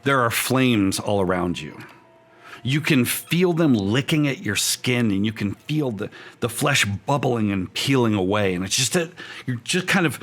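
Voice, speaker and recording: A man's voice: medium pitch, animated, unhurried, a bit bright, faint music behind. Man narrating a tabletop horror game. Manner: vivid, gory scene-setting with casual asides. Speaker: game master.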